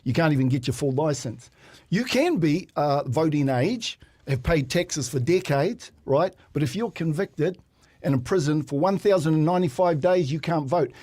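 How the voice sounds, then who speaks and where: Formal, deliberate New Zealand debater. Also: male voice, a little high, animated, darkish tone. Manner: deliberate, formal, argues step by step. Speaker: debate speaker. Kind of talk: public debate.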